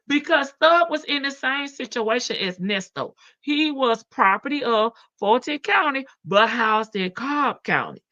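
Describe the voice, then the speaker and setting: A woman hosts a casual livestream, her voice bright and a touch high. She talks in a sassy, chatty way, laughing easily and calling her viewers baby. The stream audio sounds a little dull and muffled. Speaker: livestream host.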